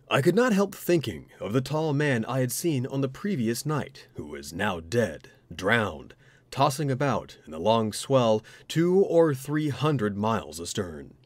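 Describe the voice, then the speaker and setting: A man's voice: medium pitch, no echo. Man reading a ghost story dramatically. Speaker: narrator. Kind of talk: scripted ghost story narration.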